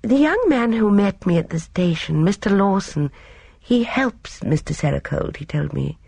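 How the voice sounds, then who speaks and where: A reader voicing a gentle, thoughtful elderly woman who speaks in a mild, courteous, measured way. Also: medium pitch, lively intonation, creaky, breathy edge, no room sound, pitched above the performer's own voice. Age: older.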